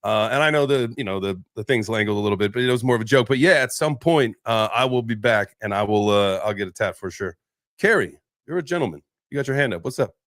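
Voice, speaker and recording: A man's voice: fairly low pitch, expressive, quick pace, a bit bright, dry recording, studio quality. Laid-back male crypto chat host. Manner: laid-back, chatty, calls listeners brother and man. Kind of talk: casual live audio chat.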